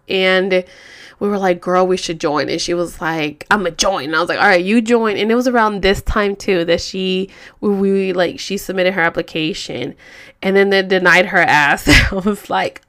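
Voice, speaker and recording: A woman telling a story casually, full of slang and swearing, acting out quotes with lively energy. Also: mid-range voice, normal speed, clear, resonant tone. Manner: profane, slangy, animated quoting. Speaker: storyteller vlogger.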